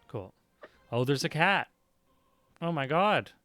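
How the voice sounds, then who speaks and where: A man's voice: a little high, expressive, slow pace, pushed and bright, no room sound, faint music behind. A man running a tabletop game as game master, chatty and upbeat with many fillers.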